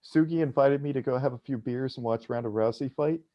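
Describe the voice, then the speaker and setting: Relaxed man telling amused anecdotes. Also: medium pitch, a little fast, dull audio. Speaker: podcast guest. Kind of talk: casual chat.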